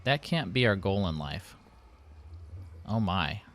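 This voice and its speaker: A man's voice: deep voice, very animated, slow, fairly bright tone, slight background noise. A man hosting a casual gameplay commentary, rambling and poking fun at himself. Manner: rambling, self-mocking, playful. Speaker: let's play host.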